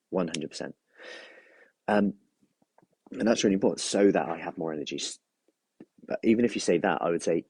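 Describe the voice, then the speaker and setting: A man's voice: deep voice, warm tone, slightly rough, no echo. A man, a personal trainer giving a chatty live-streamed coaching talk and greeting viewers by name as he explains.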